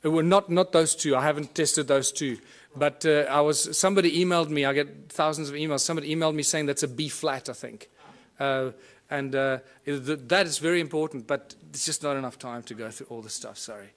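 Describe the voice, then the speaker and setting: In an echoey room, a male conference lecturer speaks fairly quickly with a steady tone and a voice on the high side. He demonstrates as he goes, explaining things and pointing them out for his audience.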